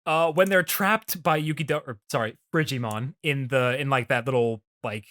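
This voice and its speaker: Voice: mid-range voice, normal speed, a bit bright. A young adult co-host talking casually and rambling about an anime episode, with many fillers and restarts. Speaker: podcast co-host.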